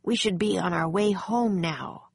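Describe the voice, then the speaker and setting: A woman's voice: fairly low pitch, unhurried, gravelly, slightly rough, no room sound, studio quality, heavily acted. A woman voicing a nervous, cautious young boy in a storybook reading. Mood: anxious. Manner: anxious, hushed.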